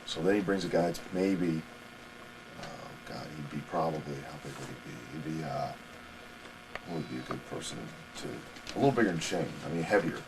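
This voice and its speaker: A man telling wrestling stories as a guest in a shoot interview, animated and laughing as he goes. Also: rumbling low, brisk, noisy background. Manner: animated, laughing anecdotal storytelling.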